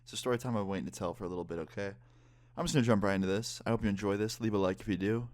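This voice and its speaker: A man's voice: lowish voice, very fast, darkish tone. A man in his twenties telling a story-time vlog in a casual way, swearing often. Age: 20s. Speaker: vlogger.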